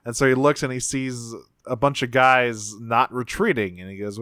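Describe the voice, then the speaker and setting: A podcast co-host with a steady, mid-range, fairly bright voice casually recaps a cartoon episode at normal speed with few pauses. Laid-back, he swears freely, uses lots of fillers, and acts out bits of dialogue, all in a dry, studio-quality recording.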